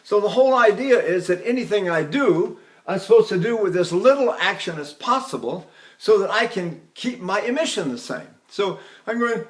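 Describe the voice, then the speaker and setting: A man's voice: lively intonation, normal speed. A man, an older voice teacher, giving a lecture on vocal technique and stopping to sing short demonstration phrases and syllables. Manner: breaks into sung and falsetto-high demonstration phrases.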